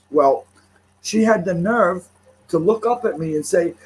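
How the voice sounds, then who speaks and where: A man's voice: high voice, a little slow, slightly rough, poor audio. An older man telling a profane, heated story from his home, swearing constantly as he rants. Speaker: vlogger.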